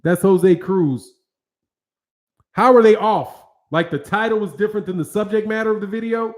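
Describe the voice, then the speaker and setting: A man with a fairly high voice runs a boxing channel livestream, speaking at normal speed and responding to viewer chat as it arrives. His talk is loose and slangy, with plenty of swearing, delivered straight into a studio microphone set up with several cameras.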